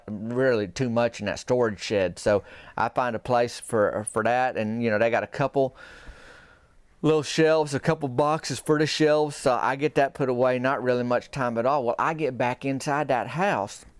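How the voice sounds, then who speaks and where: A man telling a rambling comic story in a slow, folksy, deadpan way. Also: mid-range voice, no echo. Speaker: comedian storyteller.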